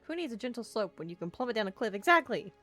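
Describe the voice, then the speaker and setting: A woman's voice: on the high side, very animated, quick pace, fairly bright tone, soft background music. A woman streamer giving playful gaming commentary, bubbly and jokey, chatting to the characters on screen. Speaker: let's play streamer.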